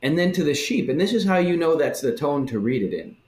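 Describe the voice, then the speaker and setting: A man in a casual religious discussion who talks in an animated way and acts out the voices he quotes. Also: fairly high pitch, fairly quick. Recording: roomy echo.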